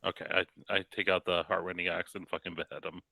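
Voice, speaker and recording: Deep, blunt, impatient male player. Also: level tone, fast talker, vocal fry, bright, forceful tone. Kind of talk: tabletop game play.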